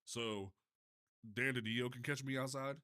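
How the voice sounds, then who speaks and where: Bright-voiced man chatting on a livestream. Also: medium pitch, measured pace. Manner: animated, profane, stumbling restarts. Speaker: livestream host. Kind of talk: casual livestream chat.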